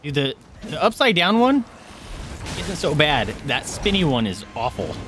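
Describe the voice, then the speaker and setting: A woman's voice: deep voice, sing-song, a little slow, fairly bright tone, faint music behind. A woman live-streaming a video game, swearing, yelping and chattering to herself and her chat as enemies attack. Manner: swears, yelps and shrieks at enemies, talks to chat. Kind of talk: live gameplay commentary.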